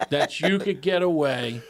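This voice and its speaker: A man's voice: fairly high pitch, expressive. A man co-hosting a podcast in casual chat, who stumbles and repeats words as he starts and swears often. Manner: halting, repeats words when he starts, profane. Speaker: podcast co-host.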